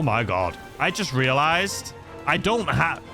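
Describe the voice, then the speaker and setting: A man's voice: fairly high pitch, sing-song, slow pace, pushed and bright, soft background music. A man giving rambling, self-mocking gameplay commentary that tips into frustration. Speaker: gaming YouTuber.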